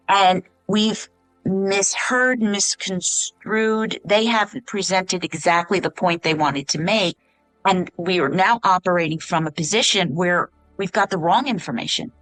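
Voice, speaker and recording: A woman's voice: on the low side, unhurried, fairly bright tone, dry recording, soft background music. Chatty woman hosting a podcast. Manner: enthusiastic, chatty. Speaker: podcast host. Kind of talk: conversational podcast interview.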